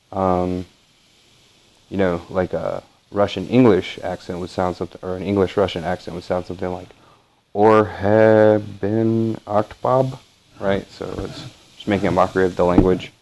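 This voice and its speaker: A man's voice: deep voice, gravelly, a little mellow, rough recording. A man talking through a casual vlog, meandering with frequent fillers and self-corrections. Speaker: channel host. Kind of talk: rambling casual vlog commentary.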